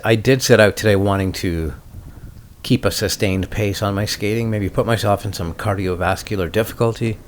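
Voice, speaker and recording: Man, low-pitched, casual musing, faint hiss in the background. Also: moderate pace. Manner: relaxed, musing, self-mocking. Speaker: podcast host and skater. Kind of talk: casual solo podcast talk.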